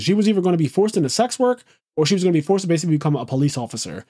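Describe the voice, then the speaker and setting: A man co-hosting a casual chat, talking in an animated way, swearing and acting out quotes. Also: high voice, rapid-fire, husky, no echo, clean studio sound. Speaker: podcast co-host.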